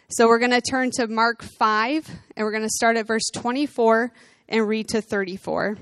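A woman in her thirties delivers a sermon with earnest, personal warmth, mixing stories from her own life with scripture. She slows down to stress key phrases. Her voice sits a little high and sounds dry and close, with little room echo. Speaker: speaker at a church service.

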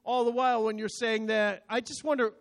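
A man in his sixties delivers a sermon in a notably high voice. He preaches emphatically, swinging between loud and hushed. He often repeats a word as he starts a phrase. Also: level tone, fairly quick, gravelly. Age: 60s. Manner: emphatic, dynamic preaching with sudden swings in loudness. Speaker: pastor.

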